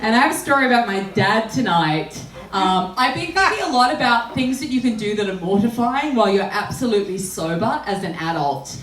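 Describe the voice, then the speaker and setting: A woman's voice: medium pitch, expressive, brisk, few pauses, fairly bright tone. A woman telling crude, self-deprecating stories in a live comedy set, often laughing through her lines. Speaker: stand-up comedian. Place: small live performance venue. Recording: roomy live room, far from mic, audience noise. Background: audience laughing and reacting.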